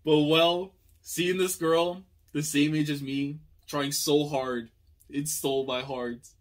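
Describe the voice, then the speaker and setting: A man hosting a manga reaction video, reading the characters' lines aloud in a quieter voice and breaking into loud, excited outbursts between them. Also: a little high, takes it slowly.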